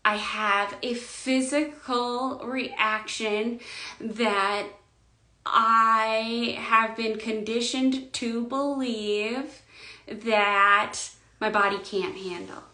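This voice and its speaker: Slow, echoey woman spiritual coach. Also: on the high side, steady tone. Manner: slow and emphatic, dropping often to a hushed whisper.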